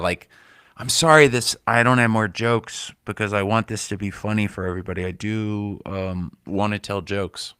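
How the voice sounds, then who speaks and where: Low smooth-voiced comedian host. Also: male voice, a bit bright, no room sound, clean studio sound. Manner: loose, rambling, swearing, with many fillers. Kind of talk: casual commentary on clips.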